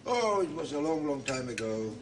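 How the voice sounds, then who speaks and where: An older man playing a wistful Russian émigré veteran, musing slowly about old battles. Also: fairly high pitch, crowd noise. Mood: reminiscing. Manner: slow, musing, lively intonation.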